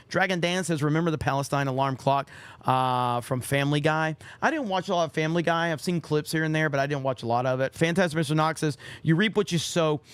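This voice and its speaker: A hoarse man hosting a live stream sits close and dry on the mic, his voice pitched a little high yet smooth underneath the strain. He rambles through viewer messages, reading them out and tossing off quick asides. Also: no room sound. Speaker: livestream host.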